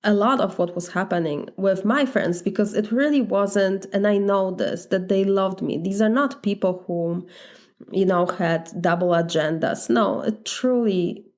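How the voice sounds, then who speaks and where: A woman with a Polish accent talks through her thoughts as a life coach in a solo podcast. Her voice sits at an ordinary middle pitch, and she speaks candidly and reflectively, with light laughter between thoughts. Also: measured pace, darkish tone. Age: adult, married. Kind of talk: podcast monologue.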